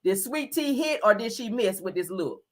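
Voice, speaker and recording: Sassy, lively woman livestream host. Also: mid-range voice, moderate pace. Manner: sassy, blunt, talks straight to the chat. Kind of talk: casual celebrity fashion commentary.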